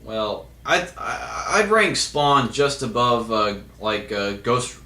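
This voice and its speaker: A man answers viewer questions in a casual monologue, hesitant and full of fillers and restarts. His middle-pitched voice is bright, a little sharp and sing-song at a slow pace, and the echoey room makes the recording ring noticeably.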